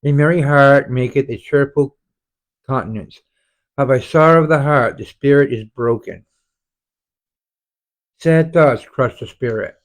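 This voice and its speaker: A man leading an online Bible study, reading verses slowly and explaining them, often stumbling and restarting words. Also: mid-range voice. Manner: halting, frequent self-corrections and restarts. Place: home, online group study.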